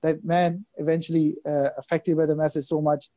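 A man with a fairly high voice tells a religious story at a fast, halting pace. He fills gaps with fillers and stumbles over repeated words. His tone is mellow and warm, and the sound is close and dry. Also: level tone, no room sound. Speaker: religious guest speaker. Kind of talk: recounting a religious story in conversation.

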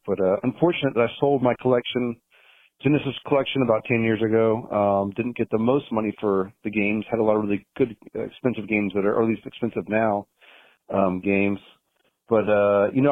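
A man in his thirties leaving a voicemail for a podcast, halting and full of fillers. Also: lowish voice, no echo. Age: 30s. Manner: hesitant, many fillers. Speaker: caller. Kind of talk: voicemail message. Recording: tinny phone voicemail.

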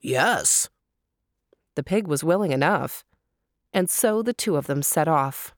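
A woman reading a storybook aloud, lively and unhurried. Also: sits low, dry recording, studio quality. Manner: slow and lively.

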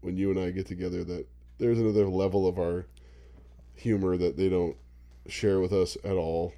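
A man's voice: deep voice, normal speed. A man chatting casually on a podcast, telling stories with lots of laughter and freely swearing. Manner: animated storytelling, swears freely, laughs often. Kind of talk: casual chat.

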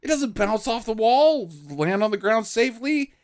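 A man's voice: normal speed, clean tone. A man co-hosting a comedy podcast, recapping a movie scene by scene and acting out the characters in silly voices. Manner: animated, swings pitch wildly, acts out scenes in silly voices. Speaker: podcast co-host.

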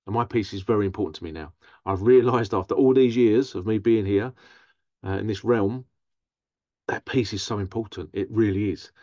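A man's voice: fairly low pitch, moderate pace, dark tone, no echo, lo-fi sound. A man, a therapist, talking through a casual monologue, often mimicking other people in a raised voice. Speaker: therapist and podcast host.

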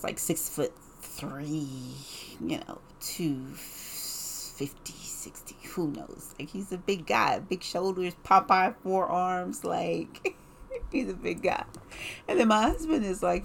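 A woman casually telling a personal story in an animated way, full of "like" and laughs. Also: lowish voice, a little slow, vocal fry, slight background noise.

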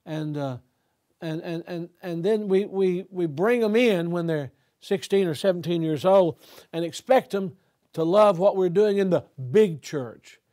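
A man's voice: sits high, unhurried, warm tone. An older man, a pastor, preaching an emphatic sermon with a preacher's cadence, often restarting his phrases.

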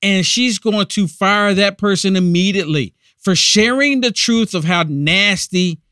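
A man's voice: high-pitched, measured pace, sharp tone, clean tone, dry recording, studio quality. A man hosting a political podcast, giving indignant, emphatic commentary. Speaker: podcast host.

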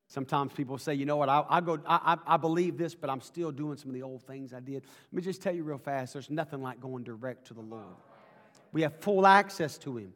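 A man's voice: on the high side, a little fast, big-room sound. A man preaching a sermon as pastor, folksy and conversational at first, then rising into fervent preaching.

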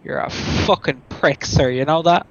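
A man's voice: a little high, unhurried, dull audio. A man putting on a foul-mouthed fake-Irish supervisor. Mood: furious. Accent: fake Irish accent. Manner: swearing, yelling insults. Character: foul-mouthed angry male call-center supervisor.

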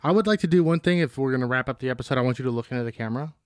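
A man's voice: medium pitch, racing, no room sound. A young man co-hosting a casual podcast, teasing his friend with crude jokes. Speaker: podcast co-host. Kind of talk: casual chat reviewing a movie.

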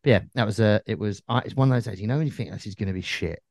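A man's voice: lowish voice, very fast, darkish tone, no room sound. A man, co-hosting a podcast in casual chat with dry, joking banter. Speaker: podcast co-host.

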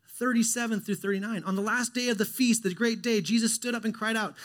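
A man with a fairly high voice preaches a sermon. He talks in a relaxed, conversational way and often restarts his sentences, and his delivery turns animated as he explains the passage. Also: fast. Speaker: pastor.

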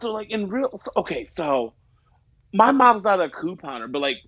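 A man co-hosting a casual chat, animated, packing in "like" and acting out quoted voices. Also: high voice, moderate pace. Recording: dull lo-fi sound.

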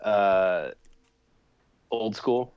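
A man in relaxed conversation with a slightly low voice, making dry remarks and chuckling now and then. The recording sounds dull and lo-fi. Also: extremely slow, clear, resonant tone. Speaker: podcast co-host. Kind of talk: casual chat.

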